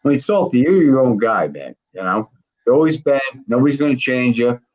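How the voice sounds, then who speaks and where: A man in his sixties with a gravelly voice, rambling and swearing constantly in casual chat. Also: medium pitch, very animated, brisk, darkish tone, muffled recording. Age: 60s. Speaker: video creator on a live call.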